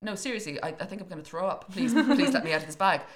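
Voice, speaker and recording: A woman's voice: mid-range voice, rapid-fire, natural voice. A woman voicing a drunken, playful male devil, a trickster who pleads and bargains in a folktale. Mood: pleading. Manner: pleading and easygoing.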